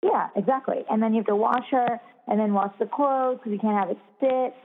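A woman's voice: on the high side, brisk. A young woman and new mother chatting casually, rambling and swearing freely, with lots of "like". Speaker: podcast co-host, new mother. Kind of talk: casual chat. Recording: phone-like narrow sound.

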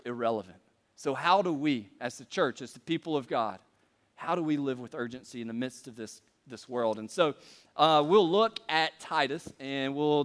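A man's voice: fairly high pitch, big-room sound. A man preaching a sermon in a casual, joking way, peppering his talk with fillers and stories. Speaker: pastor.

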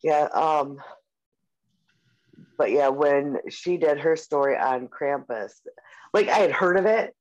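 Muffled lo-fi audio captures a podcast co-host in their forties speaking slowly in a mid-range voice, pausing often. It's a rambling casual chat, heavy on fillers like "um" and "like," with swearing thrown in freely.

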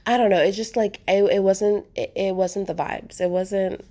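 A woman's voice: medium pitch, fairly even intonation, unhurried. A woman telling travel stories in a casual vlog, chatty and rambling, with lots of fillers and restarts. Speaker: travel vlogger.

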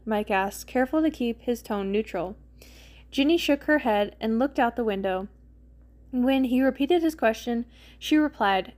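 A woman's voice: a little high, moderate pace, darkish tone. A woman podcast host reading fan fiction aloud expressively, acting out the characters' lines.

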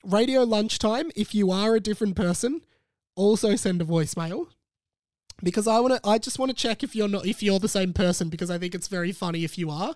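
A man's voice: high voice, fairly quick, a little mellow, no echo. A man hosting a casual solo podcast, talking with a sore throat from being sick, playful and rambling. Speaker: podcast host.

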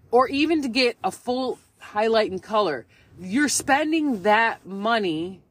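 A woman's voice: fairly high pitch, no echo. A tired woman in her thirties talks through a casual solo podcast, rambling from one thought to the next. She is candid and swears freely, her voice sounding worn out and prone to yawns. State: tired, yawning. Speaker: podcast host.

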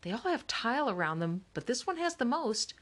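A woman voicing an excitable, impatient girl sleuth in an audiobook reading. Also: on the high side, brisk, pitched above the performer's own voice. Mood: excited.

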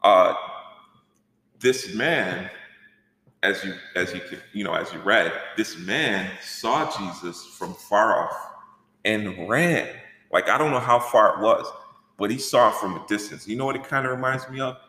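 Animated man teaching in an echoey hall. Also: on the low side, unhurried. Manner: animated, conversational, asks rhetorical questions. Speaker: workshop teacher. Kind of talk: church workshop teaching. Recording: echoey hall with long reverb.

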